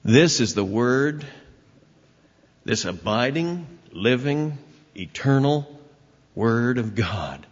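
A man preaching a sermon as pastor, with emphatic swings in pitch and volume. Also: animated, slow, long pauses. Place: church sanctuary. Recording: dull recording with long hall reverb.

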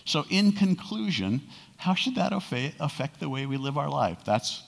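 A man's voice: on the high side, sing-song, moderate pace, gravelly. A male pastor preaching a sermon in a conversational way, asking his listeners rhetorical questions and paraphrasing scripture. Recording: long reverb of a large hall.

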